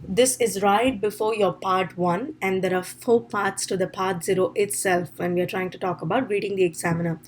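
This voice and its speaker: A woman's voice: medium pitch, steady tone, normal speed, hardly any pauses, slight background noise. A woman teacher giving an online exam-prep lesson, explaining step by step and checking in with "all right?". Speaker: IELTS teacher.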